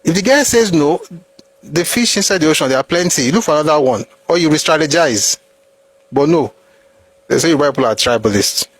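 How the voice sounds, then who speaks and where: A man with a Nigerian accent giving animated, opinionated commentary on history, full of rhetorical questions and bits of pidgin. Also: a little high, fairly quick, husky, dry recording.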